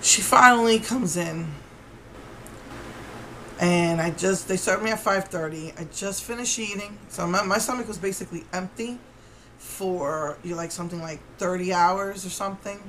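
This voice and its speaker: A woman's voice: medium pitch, moderate pace, fairly bright tone, a little hiss or hum, rough recording. A woman vlogger telling a story to camera in an indignant, rambling way with many restarts.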